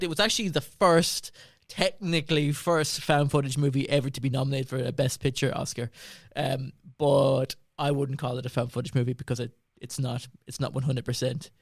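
A man's voice: mid-range voice, flat delivery, moderate pace, creaky, dry recording, clean studio sound. A man in a casual film discussion, rambling with many restarts and a playful tone.

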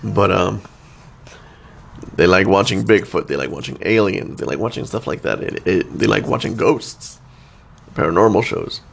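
A man in his thirties chats casually as a podcast co-host, with a low, gravelly voice. His delivery is laid-back and rambling, and his pitch swings around a lot as he talks. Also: lively intonation, moderate pace, slight background noise. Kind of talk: casual chat.

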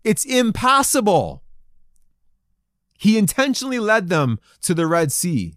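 Animated high-voiced male preacher. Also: a little slow, no room sound, studio quality. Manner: animated, acts out crowd voices in quotes. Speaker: pastor. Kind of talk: sermon to men.

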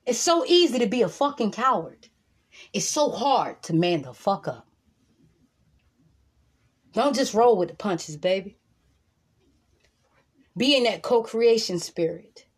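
Woman vlogger, husky voice, emphatic and profane, sermon-like repetition. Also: medium pitch, sing-song, a little slow, pauses often. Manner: repeats lines for emphasis. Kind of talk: motivational monologue to camera.

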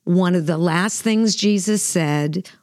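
A middle-aged woman co-hosting a faith podcast tells a personal story, earnest and emotional, full of fillers and restarts. Her voice sits on the low side, slow and a little mellow. The studio-quality recording has no room sound.

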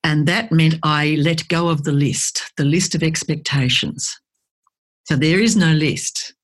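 A woman, a guest speaker chatting in an interview and telling lively stories, acting out the voices of people she quotes. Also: low-pitched, a little slow, husky. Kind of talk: conversational interview.

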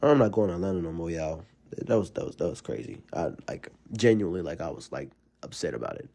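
Rambling Southern-accented man, fairly low voice. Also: quick pace, gravelly. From Alabama. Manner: rambling, animated storytelling with many fillers. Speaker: podcast host. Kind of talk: casual solo podcast monologue.

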